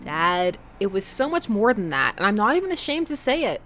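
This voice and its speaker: An unsure middle-aged father fumbles for words in a dating game, as a woman reads him aloud. The voice is mid-pitched and hesitant. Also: big pitch swings, fairly quick, a bit bright, slight background noise. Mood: earnest. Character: nervous middle-aged single dad.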